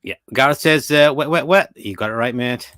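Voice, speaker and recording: A young British man runs a relaxed quiz segment on a podcast, teasing his co-host and reading listener comments aloud. His voice sits at an ordinary middle pitch. The sound is dry and close, with no room around it. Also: moderate pace, no room sound. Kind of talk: casual chat, quiz questions.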